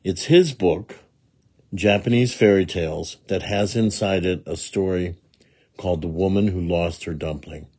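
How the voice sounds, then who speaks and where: Husky man reading a children's story slowly. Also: deep voice. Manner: slow, expressive and animated. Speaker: storybook reader. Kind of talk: children's picture-book read-aloud.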